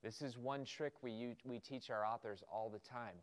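A middle-aged man teaching an entrepreneurship workshop, lecturing with energy and acting out quoted emails and questions in lively voices. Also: mid-range voice, moderate pace. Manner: animated, acts out quoted emails and students' questions. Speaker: entrepreneurship instructor.

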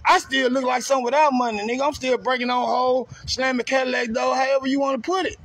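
A man's voice: very high-pitched, steady tone, fast talker, a bit bright. A man delivering a confrontational, profane rant on a live video and taunting someone over and over. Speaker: streamer ranting on a live video.

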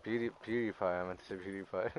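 A man's voice: low voice, steady tone, fast talker, lo-fi sound. A young man streaming a game live, chatting loosely and swearing a lot as he talks to his viewers. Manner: profane, loose and jokey, talking to chat. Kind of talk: casual live-stream gaming chat.

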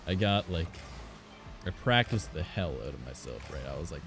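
A man's voice: low voice, normal speed, vocal fry, music in the background. A young man streaming a car soccer game, chatting casually with teammates and viewers, swearing freely as he tells stories between plays. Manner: swearing, animated storytelling between game reactions. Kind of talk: casual gameplay chat.

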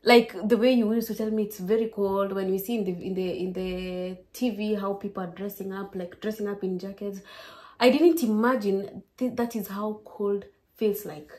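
A young Kenyan woman with a Kenyan accent, chatting to her viewers in a lively, casual vlog. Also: mid-range voice, normal speed. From Kenya, Kisii. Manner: lively, keeps addressing viewers as guys. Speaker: vlogger.

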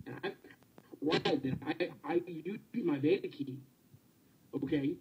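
Man, angry gamer rant, animated pitch, stammering, loud bursts and muttering. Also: measured pace, highs cut off, background noise. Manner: furious ranting, swinging between outbursts and low muttering; stammers and repeats himself. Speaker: video gamer. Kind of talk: angry ranting vlog.

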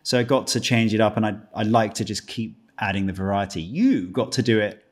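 A man's voice: lowish voice, brisk. Joking British man, dry humor. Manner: dry self-mocking joker, chuckles often; rambling, restarts sentences. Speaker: guest actor. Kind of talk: casual podcast chat. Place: room at home.

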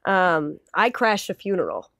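A young woman in her twenties with an American accent, a guest telling an animated story in a casual interview. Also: measured pace, gravelly, no room sound, clean studio sound. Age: 20s. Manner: animated, rising pitch in quoted speech.

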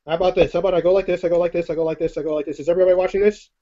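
A man with a slightly high voice chats his way through a card-magic demonstration on a live video call. His talk is jokey, excitable and rambling, full of self-deprecating asides. The stream audio sounds dull and lo-fi. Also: very fast.

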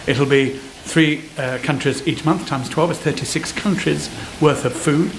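A British man in his sixties hosting a cooking vlog, talking casually and excitedly to his viewers. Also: a little high, moderate pace, hardly any pauses. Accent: British English. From Britain. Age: 60s. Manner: chatty, excitable, rambling. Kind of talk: casual chat to camera. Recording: echoey room with noticeable background noise.

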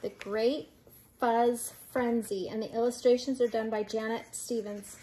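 A woman's voice: on the high side, fairly even intonation, measured pace, mellow, slight background noise. An older woman, a grandmother, reading a children's picture book aloud with playful voices for the animals.

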